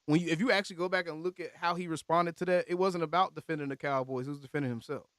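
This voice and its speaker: Guy hosting a live call-in stream, high voice, really bright and animated, lots of slang. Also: very fast, no echo. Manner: animated, loud exclamations, slangy. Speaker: host of a fan channel live call-in show. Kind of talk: casual live-stream chat.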